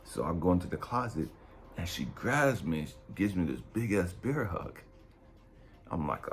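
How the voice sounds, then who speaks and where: A man, a spiritual coach, telling a story in a blunt, profane, animated way. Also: low voice, a little slow, soft background music. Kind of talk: casual storytelling monologue.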